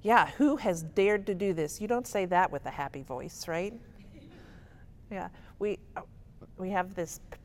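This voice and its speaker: A woman's voice: low voice, a little hiss or hum. A woman teaching a Bible study in a conversational, emphatic way, often checking in with her listeners. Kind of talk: casual teaching talk.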